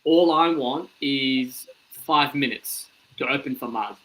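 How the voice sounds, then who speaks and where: A man's voice: mid-range voice, takes it slowly, slight background noise, low-quality recording. A young Australian man, a comedian, telling a story in a casual interview and acting out the people he quotes. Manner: animated, acts out quoted voices. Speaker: comedian guest.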